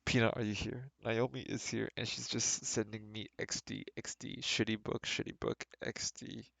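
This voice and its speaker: Gravelly-voiced man mocking a book. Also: fairly low pitch, flat delivery, normal speed, fairly bright tone, no echo. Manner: sarcastic, mocking and exasperated. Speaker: streamer reading a book aloud. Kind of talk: reading aloud with critical commentary.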